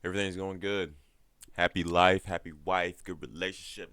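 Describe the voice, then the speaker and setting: Very deep-voiced man recapping a show. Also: steady tone, moderate pace, fairly bright tone, clear, resonant tone, no room sound. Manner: casual, profane, laughs often. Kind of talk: casual episode recap.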